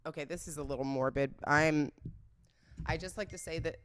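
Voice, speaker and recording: A young woman hosting a podcast, telling a story in an animated, profane, joking way. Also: sits low, normal speed, a little hiss or hum. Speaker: podcast host.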